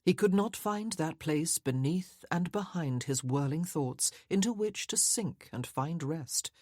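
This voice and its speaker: A woman narrating an audiobook in a measured, even reading. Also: low voice, dry recording, studio quality.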